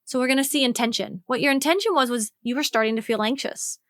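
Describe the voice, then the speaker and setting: High-voiced frank woman coach. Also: quick pace, no echo, studio quality. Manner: animated, acts out both partners' lines; frank, swears casually. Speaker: relationship coach. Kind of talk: solo podcast explainer.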